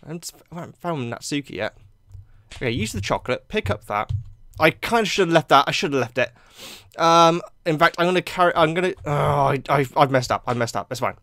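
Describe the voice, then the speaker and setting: A man giving excitable, chatty let's play commentary, joking and laughing often. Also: a little high, a little fast, no room sound, studio quality. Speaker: YouTube gamer.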